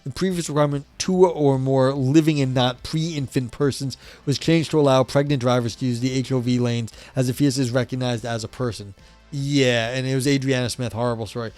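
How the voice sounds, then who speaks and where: A man's voice: medium pitch, steady tone, fairly quick, darkish tone, soft background music. A man from New York hosting a livestream, chatting casually and reading aloud, rambling and swearing with many fillers and restarts. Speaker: livestream host reading a book.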